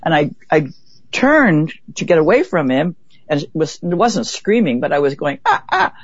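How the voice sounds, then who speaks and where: A woman being interviewed, telling a vivid story in a lively way and acting out what others said. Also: sits low, normal speed, husky, no room sound. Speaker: interview guest. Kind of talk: conversational storytelling. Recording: dull, dry lo-fi recording.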